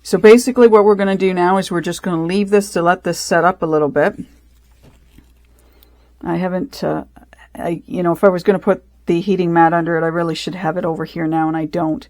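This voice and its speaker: A woman's voice: lowish voice, steady tone, fairly quick, darkish tone, no room sound. A woman vlogging as she makes a resin craft, chatting casually, rambling and correcting herself as she thinks aloud. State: out of breath.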